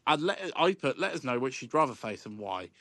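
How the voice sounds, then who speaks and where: A man's voice: medium pitch, big pitch swings, brisk, a bit bright, no room sound. A man hosting a football podcast, laid-back and chuckling, with lots of ums. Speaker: podcast host. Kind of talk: casual chat.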